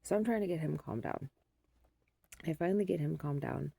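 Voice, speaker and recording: A middle-aged woman talks through a casual vlog after almost no sleep. She rambles in a weary, unguarded way. Her voice is low, gravelly and mellow, and the sound is dry and close. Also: brisk, dry recording. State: sleep-deprived. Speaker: mother vlogging.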